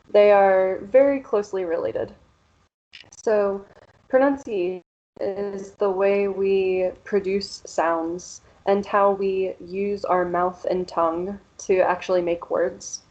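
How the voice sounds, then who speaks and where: A woman from Central Pennsylvania with a local American accent, giving a pronunciation workshop in a measured, explanatory way with frequent "um" and "so". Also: medium pitch, a little mellow, dull audio. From Central Pennsylvania, USA. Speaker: workshop presenter.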